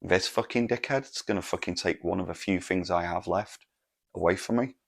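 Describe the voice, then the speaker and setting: Host, man, low gravelly voice, exasperated, swears constantly. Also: a little fast. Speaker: podcast host. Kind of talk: solo comedic podcast rant.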